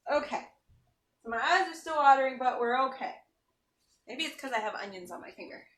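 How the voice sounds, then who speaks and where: Chatty bright-voiced woman cooking on a live stream. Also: high-pitched, animated, fairly quick, recorded from a distance. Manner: chatty and joking, reads viewer comments aloud. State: teary from chopping onions. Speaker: cooking show host. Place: home kitchen. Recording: echoey kitchen, off-mic.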